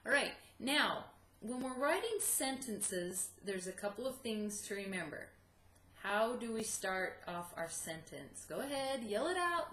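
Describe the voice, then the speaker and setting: A woman's voice: medium pitch, fairly bright tone, slight background noise. Encouraging woman teacher in an echoey room. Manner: slow, clear dictation, encouraging. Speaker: second grade teacher. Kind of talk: video lesson for young students.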